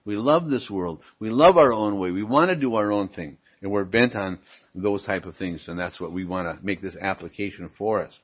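A man's voice: on the low side, normal speed, breathy edge. A man preaching a sermon and reading Bible verses aloud, stressing lines emphatically with wry asides. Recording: dull lo-fi recording.

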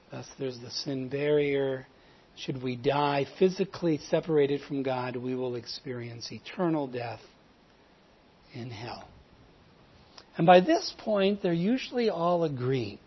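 A man teaching how he shares the gospel, telling stories in an earnest voice that swings from emphatic to hushed. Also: on the high side, breathy edge. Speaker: evangelism teacher. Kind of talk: teaching evangelism technique. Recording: dull lo-fi recording.

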